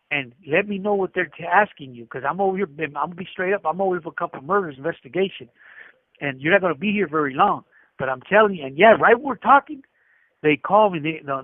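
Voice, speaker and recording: Speaking over a prison phone, a middle-aged male inmate rambles through a story, voicing the dialogue himself with many restarts. His pitch sits fairly high, there's no echo, and the line is thin and dry.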